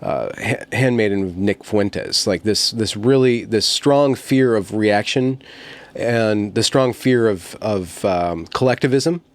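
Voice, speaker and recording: A man hosting a conversational political discussion, speaking haltingly and restarting often as he searches for words. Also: lowish voice. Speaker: host.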